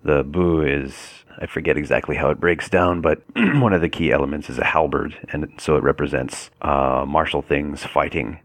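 Very deep-voiced man explaining. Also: no echo. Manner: measured, explains terms step by step. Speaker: podcast co-host. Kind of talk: casual explanatory chat.

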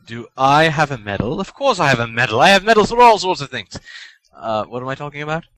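A man's voice: a little high, big pitch swings, fast talker, a bit bright, no room sound, poor audio. A man co-hosting a casual podcast chat, joking around in a poorly faked posh British accent. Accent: put-on British. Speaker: podcast co-host.

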